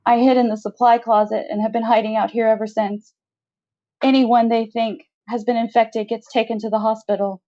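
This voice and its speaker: A woman's voice: fairly high pitch, level tone, normal speed, lightly acted. A woman voicing a male office worker who pleads urgently and insistently, heard on a slightly dull lo-fi recording.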